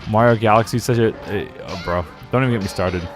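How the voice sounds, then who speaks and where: A man's voice: on the low side, fast, soft background music. A young man streaming a game, rambling casually, laughing often and slipping into silly quoted voices. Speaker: gaming streamer. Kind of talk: casual live-stream commentary.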